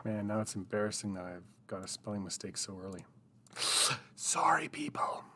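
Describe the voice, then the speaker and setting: A man's voice: low-pitched, level tone, quick pace, a little hiss or hum. A man hosting a live writing session, chatting casually and thinking aloud as he types, rambling and self-deprecating. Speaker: writing group host. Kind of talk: casual live-stream chat while writing.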